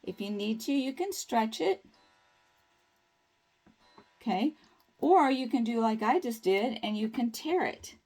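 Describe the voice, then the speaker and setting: A woman's voice: a little high, animated, a little slow, long pauses, darkish tone, faint music behind. A woman chatting upbeat and reassuring through a nail tutorial, with folksy phrasing. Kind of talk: casual tutorial talk.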